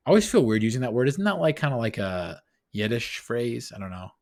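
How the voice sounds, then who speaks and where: A man co-hosting a podcast in casual chat, animated and rambling, often poking fun at himself. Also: mid-range voice, fairly quick, vocal fry. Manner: animated, rambling, self-deprecating. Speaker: podcast co-host.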